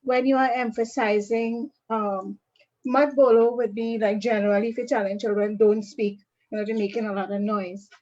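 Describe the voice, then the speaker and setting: A woman's voice: on the high side, steady tone, normal speed, a little mellow, muffled recording. A woman student in an online class, answering the teacher's questions in a thoughtful, careful way. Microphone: video call.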